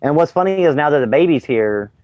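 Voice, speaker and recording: A man's voice: on the high side, animated, brisk, dry recording. A man chatting casually on a podcast, telling rambling, profane stories. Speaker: podcast co-host. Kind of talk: casual chat. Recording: dry, dull lo-fi sound.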